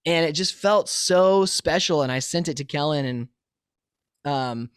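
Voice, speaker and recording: A male musician being interviewed over a remote call from his home studio, telling stories in a lively, easily laughing way. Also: a little high, a little slow, clean tone, no room sound. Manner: animated storyteller, laughs easily. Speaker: musician guest. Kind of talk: casual interview chat.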